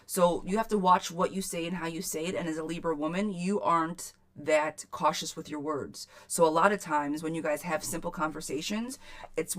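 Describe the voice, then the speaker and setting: A woman's voice: sits low, steady tone, normal speed. A woman giving a live tarot reading to viewers, chatty and frank, swearing casually and calling people sweetheart. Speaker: tarot reader.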